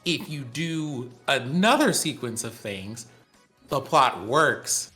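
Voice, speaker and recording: A man's voice: mid-range voice, expressive, takes it slowly, sharp tone, faint music behind. A man co-hosting a tech podcast in casual chat, explaining things at length with enthusiasm. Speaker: podcast co-host.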